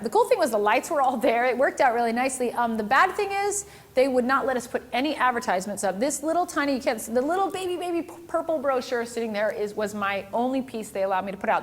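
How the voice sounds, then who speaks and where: A woman photographer giving a talk, telling a story with lively acted-out dialogue and frequent laughter. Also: a little high, fast talker, hardly any pauses. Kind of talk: storytelling presentation to an audience.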